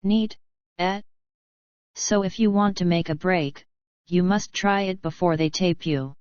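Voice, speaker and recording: A sneering young foreign man full of secrets, as a woman narrator voices him in an audiobook. He speaks with a low, clean voice and pushes his warnings hard. The studio sound is dry and a little dull. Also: a little slow, darkish tone, clear, resonant tone, no room sound, close to an everyday voice. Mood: scornful, urgent.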